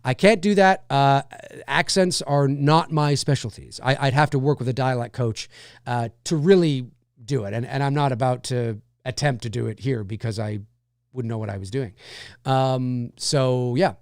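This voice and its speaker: A man's voice: medium pitch, moderate pace, no echo, clean studio sound. A man hosting a casual livestream, rambling animatedly about a film and answering viewer comments. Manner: animated, rambling, frequent restarts and fillers. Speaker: livestream host. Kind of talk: casual live chat reading viewer comments.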